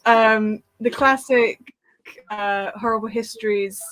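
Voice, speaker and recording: A woman with a somewhat high voice joins in a casual book club discussion. She interjects in a chatty way to draw comparisons. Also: steady tone, slow, a bit bright, dry recording.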